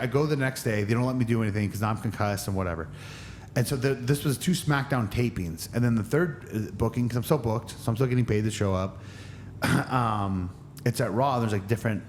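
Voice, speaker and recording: A man tells a story on a podcast, and he jumps into higher voices whenever he quotes the other people in it. His own voice sits at a medium pitch. There is a faint hiss of background noise under the talk. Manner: acts out other people's lines with raised pitch. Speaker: podcast guest. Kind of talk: animated storytelling.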